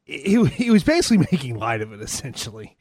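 A man's voice: medium pitch, big pitch swings, quick pace, a little mellow, slight background noise. A man co-hosting a podcast, chatting casually and laughing as he reads out a press release. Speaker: podcast co-host.

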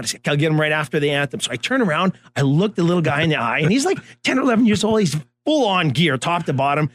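A man co-hosting a casual talk show, telling animated stories and acting out the voices of the people in them. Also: on the high side, quick pace, hardly any pauses. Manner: animated storyteller, acts out voices. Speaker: co-host, former baseball coach. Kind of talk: storytelling in casual chat.

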